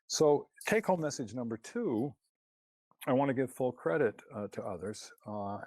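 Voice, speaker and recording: A man's voice: medium pitch, animated, moderate pace, darkish tone, no room sound. A man presenting a talk over his slides, hesitant with many fillers and restarts, questioning and critical of what he quotes.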